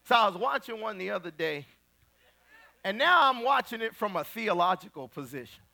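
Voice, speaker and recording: A man preaching a sermon in a colloquial, emphatic style, rising to loud repeated lines. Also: high-pitched, big pitch swings, moderate pace, creaky. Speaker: pastor.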